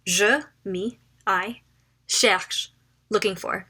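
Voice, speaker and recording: Woman teaching travel phrases, bright clear tone, chatty, says each one slow a few times. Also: mid-range voice, fairly even intonation. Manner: chatty and informal, repeats phrases slowly for learners. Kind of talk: casual language lesson.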